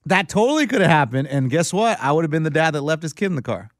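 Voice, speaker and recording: A man co-hosting a radio show, telling a story with lively acted-out quotes in casual banter. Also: fairly high pitch, fast talker, dry recording, studio quality. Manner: animated storyteller, acts out quotes.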